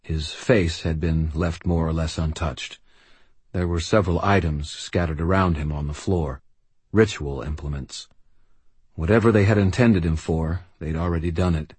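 Male audiobook narrator, very deep, husky, dry close sound, grim and steady. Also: moderate pace, no room sound. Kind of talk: first-person audiobook narration.

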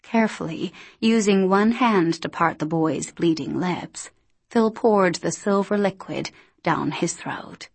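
A woman reads a novel aloud in a steady, deliberate way. Her voice is fairly low and breathy, and she takes her time. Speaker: audiobook narrator. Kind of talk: scripted narration.

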